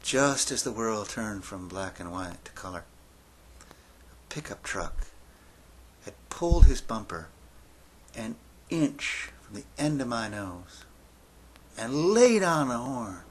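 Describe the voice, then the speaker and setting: A man in his fifties telling a personal story aloud, dropping to a near-whisper and rising to yells as it builds. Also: lowish voice, sing-song, slow pace, long pauses. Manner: dramatic, swings from hushed near-whisper to yelling. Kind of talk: spoken-word storytelling.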